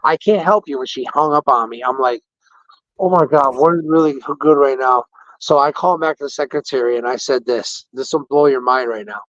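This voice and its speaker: A man casually telling an animated, indignant story about a care-facility visit, quoting the people involved. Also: medium pitch, fairly quick, no echo. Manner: animated, indignant retelling with quoted dialogue. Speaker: podcast host. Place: patient room in a care facility. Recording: dull, dry lo-fi audio.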